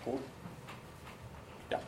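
A man's voice: drawn-out words, a little hiss or hum. A man lecturing on programming, typing as he explains and thinking aloud with many fillers and restarts.

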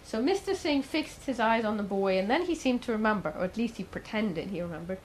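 A woman's voice: medium pitch, animated, brisk, slight background noise, poor audio. A woman giving a talk, telling a story in a conversational way with the odd filler and questions to the audience. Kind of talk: storytelling lecture.

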